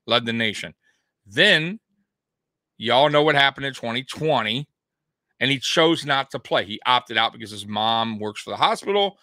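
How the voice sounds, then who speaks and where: A young man hosting a fan sports show, talking casually and ranting in an animated way, swearing now and then. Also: medium pitch, dry recording, studio quality. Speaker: sports podcast host.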